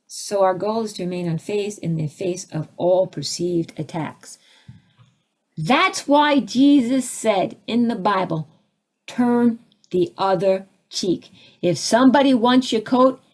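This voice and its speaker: A woman spiritual teacher answering audience questions, who acts out little scenes with sudden swings in her voice. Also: a little high.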